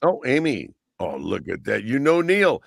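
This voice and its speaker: A man's voice: mid-range voice, wildly swooping pitch, measured pace, gravelly, no room sound, clean studio sound. An older man, a radio broadcaster guest, chatting eagerly and rambling with many fillers. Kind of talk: casual interview chat.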